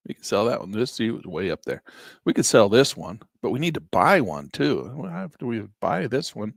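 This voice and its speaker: Middle-aged guy walking thru options trades live, gravelly voice, lively ups and downs, dry close sound. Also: mid-range voice, fairly quick, no echo. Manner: thinks aloud, casual and joking. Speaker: trading instructor. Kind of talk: live screen-share trading walkthrough.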